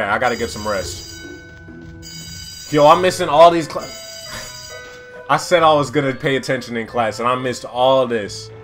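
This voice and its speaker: A young man giving loud, slangy, exasperated commentary while playing a school simulator game. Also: mid-range voice. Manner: slangy, repeats phrases. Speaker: gaming YouTuber. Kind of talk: casual let's-play commentary.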